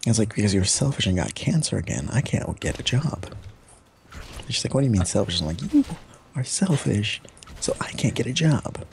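Male co-player, deep low voice, deadpan and teasing, faint hiss behind. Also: moderate pace, vocal fry. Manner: dark deadpan humor, teasing. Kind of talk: casual gaming chat.

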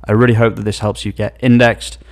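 Excited man hosting an SEO tutorial. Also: on the low side, fairly quick. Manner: excited, upbeat, drops to quiet asides. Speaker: SEO channel host. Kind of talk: screen-share tutorial.

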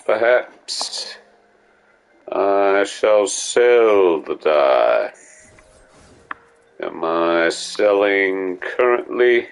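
A man putting on a pompous, overly formal gentleman's voice, stretching his words out grandly. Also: fairly low pitch, smooth, pitched below the performer's own voice, full character voice.

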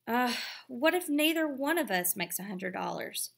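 A woman's voice: a little high, expressive, moderate pace, creaky, fairly bright tone, pitched above the performer's own voice, heavily acted. A woman reading aloud, voicing a competitive, scornful boy with a taunting, sarcastic manner. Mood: wary.

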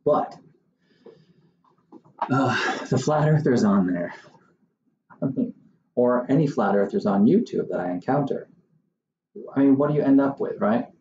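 A man's voice: medium pitch, expressive, measured pace, long pauses, mellow, reverberant, highs cut off. A man who hosts his own channel as a surveyor, talking casually to the camera in a wry, exasperated way. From Southern Maine. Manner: wry, exasperated, mocking impressions of others.

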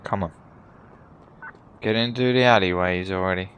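A man's voice: fairly low pitch, normal speed, pauses often, clear, resonant tone. A young man giving casual, joking gameplay commentary as he plays, swearing and laughing at himself. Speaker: gaming YouTuber.

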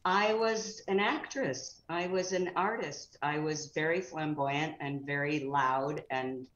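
A chatty middle-aged woman with a low voice talks casually and rambles with fillers. Her audio sounds echoey and a bit dull, like a roomy remote feed. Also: slow pace, fairly bright tone, slight background noise. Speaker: guest actress. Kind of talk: casual chat.

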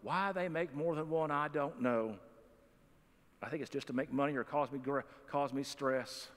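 Folksy preacher in a reverberant church. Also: male voice, medium pitch, moderate pace. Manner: folksy, conversational preaching with humorous asides. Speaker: pastor. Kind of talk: sermon. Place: church sanctuary. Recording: long reverb of a church hall.

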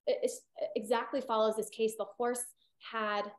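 A woman's voice: fairly high pitch, little pitch movement, measured pace. A middle-aged woman veterinarian from California, chatting in an interview, rambling with many fillers and restarts. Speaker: holistic veterinarian guest. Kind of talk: casual interview conversation.

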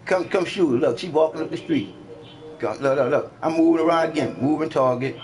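A man's voice: on the high side, brisk, darkish tone. A man trash-talking another player during an online game, taunting and mocking with repetitive jeers.

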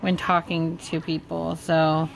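Slow-talking teasing woman vlogger. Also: low voice, level tone, creaky, slight background noise. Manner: teasing, playful. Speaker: vlog host. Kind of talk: casual chat.

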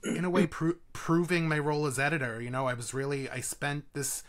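A man's voice: fairly high pitch, a little fast. A man with a New York accent, a magazine editor guest, talking in a rambling way full of fillers. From Queens, New York. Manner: rambling, filler-heavy, warm. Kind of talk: casual interview chat.

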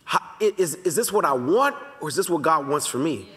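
A man's voice: fairly high pitch, animated, a bit bright. Man teaching in a reverberant church. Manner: talks straight to the room, repeats key lines slowly, folksy asides. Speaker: pastor teaching Bible study. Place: church sanctuary. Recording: long reverb of a large church hall.

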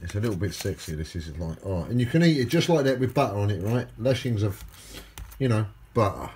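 A man's voice: fairly low pitch, lively intonation, a little fast, a little mellow, slight background noise. Chatty man vlogging at home. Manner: chatty, rambling, cheeky. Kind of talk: casual food vlog.

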